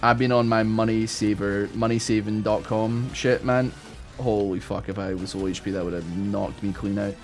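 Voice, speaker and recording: A man rambling through an animated, swear-filled story while commentating on a video game he is playing. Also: lowish voice, moderate pace, hardly any pauses, soft background music. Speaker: gaming YouTuber. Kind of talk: casual gameplay commentary.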